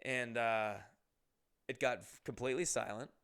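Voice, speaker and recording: A man's voice: mid-range voice, steady tone, normal speed, a bit bright, clear, resonant tone. A young man hosting a comedy podcast, telling stories casually, rambling and profane, and often interrupting himself.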